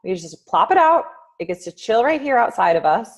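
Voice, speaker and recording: A woman life coach giving a casual, live-streamed motivational talk, acting out inner voices with big swings in pitch and loudness, with many ums. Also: big pitch swings, a little fast.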